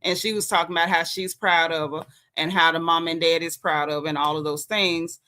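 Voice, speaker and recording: A woman's voice: deep voice, fairly even intonation, brisk, pushed and bright. A woman from the American South with a Southern accent, chatting emphatically through a casual livestream recap as host. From Southern United States. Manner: chatty, emphatic, colloquial with lots of slang. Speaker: host recapping a reality show.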